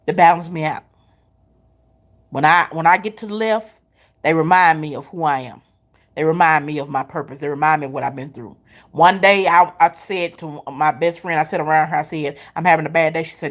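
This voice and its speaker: A middle-aged woman motivational speaker gives a faith-based pep talk in a deep voice at a moderate pace, pausing often. She repeats her points with emphasis in folksy, Southern-style phrasing, calling the listener baby and honey.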